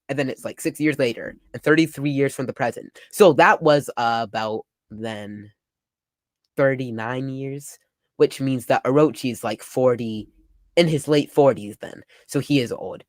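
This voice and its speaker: A young man reading and reacting to a comic chapter in casual talk, excitable and full of "like". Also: medium pitch, moderate pace, no echo. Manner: excitable, summarizing panels with frequent "like". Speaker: manga reaction youtuber.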